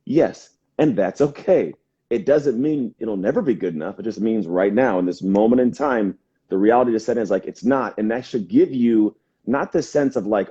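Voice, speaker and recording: A man's voice: fairly low pitch, husky. A man, a motivational speaker, talking energetically in a casual live video chat, acting out quotes as he tells stories. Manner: energetic, fast storytelling with acted quotes. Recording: muffled lo-fi livestream audio.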